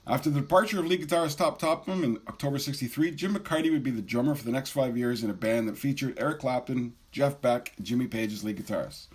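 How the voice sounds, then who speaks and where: A man's voice: medium pitch, fast talker, few pauses, husky. A man in his fifties hosting a podcast, interviewing a guest as an eager, friendly fan. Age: 50s.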